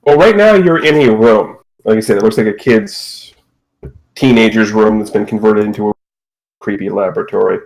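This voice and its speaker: A man's voice: lowish voice, moderate pace, creaky, a little mellow, low-quality recording. A man narrating as game master of a casual tabletop role-playing session, describing scenes and calling for checks, laughing often.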